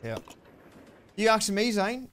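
A young man chatting through a live-streamed game, excitable and prone to yelling thanks at viewers. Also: high voice, a little slow, slight background noise. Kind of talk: live-stream gameplay commentary.

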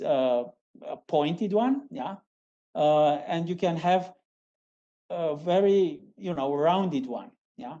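A woman giving a university geology lecture, who ends phrases with a checking "yeah?" and repeats key terms, with frequent halting restarts. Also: low voice, dark tone.

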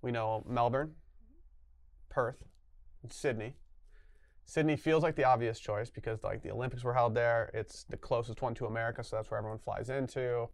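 A man competing in an office quiz, rambling as he reasons out loud in casual chat. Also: mid-range voice, fairly even intonation, moderate pace, vocal fry. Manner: rambling, thinking aloud. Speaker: quiz contestant.

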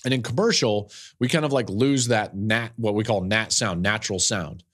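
A man's voice: on the low side, normal speed, a bit bright. A male podcast host telling a personal story in an earnest, openly emotional way. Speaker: podcast host, football analyst.

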